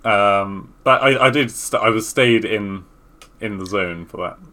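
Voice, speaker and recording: A man's voice: on the low side, measured pace, bright, forceful tone. A man co-hosting a podcast in casual chat, loose and sweary, trailing off mid-thought. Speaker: podcast co-host.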